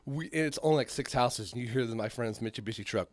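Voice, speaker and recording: A man's voice: medium pitch, fast talker, hardly any pauses, no echo, studio quality. A man telling a long story in casual chat as a podcast co-host, swearing often and acting out the voices of the people in it. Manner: animated storyteller, heavy swearing, acts out voices.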